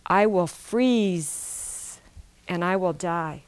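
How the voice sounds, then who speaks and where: A woman voicing a cunning rattlesnake that pleads slowly in a low voice. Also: smooth. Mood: pleading. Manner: slow, drawn-out pleading.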